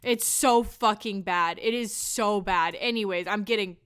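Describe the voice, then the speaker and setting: A woman's voice: mid-range voice, measured pace, fairly bright tone, clean tone. A woman co-hosting a movie podcast, blunt and fired-up, swearing often. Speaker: podcast co-host. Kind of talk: casual movie podcast chat.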